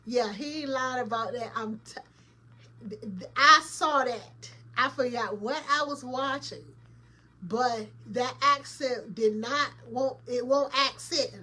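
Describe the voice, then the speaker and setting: Chatty, opinionated woman host, slightly high. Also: slow, pushed and bright. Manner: chatty, opinionated, laughs often, addresses viewers directly; colloquial, emphatic. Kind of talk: casual commentary vlog.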